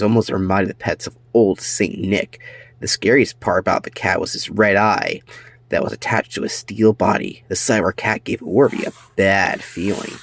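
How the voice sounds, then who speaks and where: A man reading his own children's storybook aloud, animated, with slips and restarts. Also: lowish voice, slight background noise.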